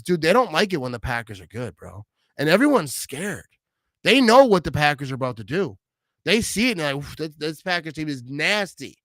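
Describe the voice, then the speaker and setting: A young man hosting a casual sports talk show, excitable and slangy, reading out fan messages. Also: on the high side, clean tone, dry recording. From Wisconsin. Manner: excitable, slangy, says "bro" and "you know what I mean" a lot.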